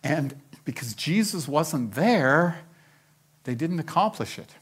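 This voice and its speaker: A man's voice: on the high side, expressive, slow, husky. An older man preaching a Bible-teaching sermon, telling the story with animation and acting out the characters' lines.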